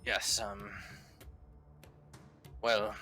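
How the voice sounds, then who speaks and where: A man's voice: lowish voice, level tone, very slow, pushed and bright, faint music behind, exaggerated voice. Man voicing a polite, reserved ex-prisoner.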